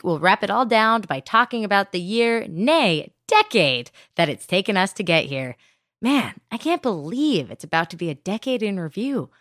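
A woman's voice: fairly high pitch, no room sound, clean studio sound. A woman co-hosting a comedy podcast, chatting casually with playful, jokey asides. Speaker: podcast co-host.

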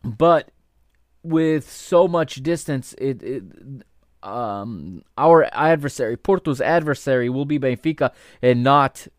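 A man's voice: mid-range voice, slow pace, dry recording, studio quality. Indignant man ranting on a podcast. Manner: heated, indignant ranting with outbursts of swearing; rises from calm explanation into loud, stressed outrage. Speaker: podcast host. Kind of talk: solo podcast commentary.

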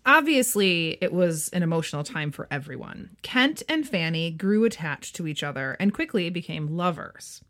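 A woman co-hosting a history podcast, telling the story with playful, joking asides. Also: on the low side. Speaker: podcast co-host. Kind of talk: casual history podcast chat.

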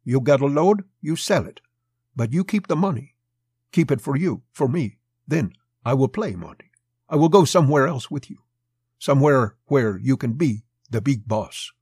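A man with a gravelly voice voicing a young woman in a pulp story, who speaks low-voiced and appealing. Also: expressive, normal speed, darkish tone, no room sound, studio quality. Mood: pleading. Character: young woman pleading to leave with a gangster.

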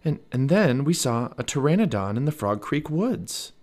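A man's voice: medium pitch, very animated, normal speed, a little mellow, voice pushed up. A man voicing a careful, bookish young boy in a storybook reading, speaking hesitantly with stammers.

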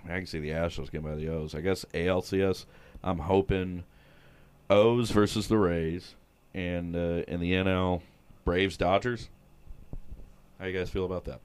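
A man's voice: low voice, little pitch movement, moderate pace, long pauses, a little mellow, clean tone, no echo. A man co-hosting a podcast, chatting casually about baseball in a crude, joking way. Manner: crude, joking banter, swearing. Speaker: podcast co-host. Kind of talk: casual sports chat.

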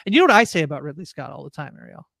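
A woman's voice: sits low, sing-song, very fast, creaky, fairly bright tone, dry recording, clean studio sound. A woman co-hosting a casual movie review podcast, rambling with lots of fillers. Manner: rambling, heavy use of "like" and fillers. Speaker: podcast co-host.

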